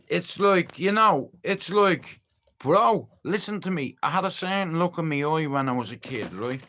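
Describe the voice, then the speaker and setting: A man's voice: fairly high pitch, animated, moderate pace, pushed and bright. A man, chatting casually to his viewers, swearing freely and often asking if they understand. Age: 50s. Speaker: livestreamer. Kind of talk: casual rambling chat to viewers.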